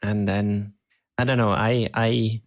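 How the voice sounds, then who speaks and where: Chatting casually as a podcast co-host, this man from Europe is hesitant and quick to laugh. His voice runs on the low side with little pitch movement, and he talks at a slow pace.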